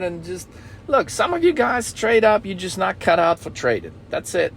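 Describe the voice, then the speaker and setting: A male trading coach gives a blunt, swearing motivational talk. He sits a bit higher in pitch than most men. He keeps checking in with "okay?" and hammers the same point until it sticks. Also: lively intonation, moderate pace, slight background noise. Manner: profane, blunt, repeats "okay?".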